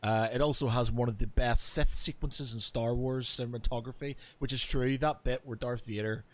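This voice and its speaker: Excitable man hosting a podcast. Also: mid-range voice, normal speed. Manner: excited, hesitant with many uhs. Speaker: podcast host. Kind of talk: casual chat, reading viewer comments.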